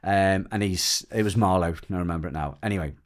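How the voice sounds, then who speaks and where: Low-voiced man telling a rambling story. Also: fairly quick. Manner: rambling and animated, with frequent restarts and lively mimicry of others. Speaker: podcast guest, dog trainer. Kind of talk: casual storytelling chat.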